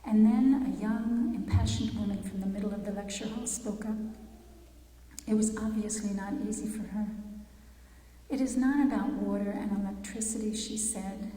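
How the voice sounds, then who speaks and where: A woman speaks earnestly and slowly at a public talk, her voice soft and mellow. She is recorded from a distance, and her words ring out with long reverb through a large chapel. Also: mid-range voice, steady tone. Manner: earnest, measured, with pauses and restarts. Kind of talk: reflective public talk reading quotes. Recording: echoey chapel from far off.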